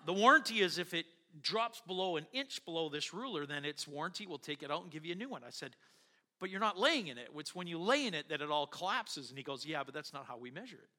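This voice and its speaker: A man, a pastor, preaching by telling an animated personal story and acting out both sides of the conversations. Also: on the high side, quick pace. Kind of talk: sermon storytelling.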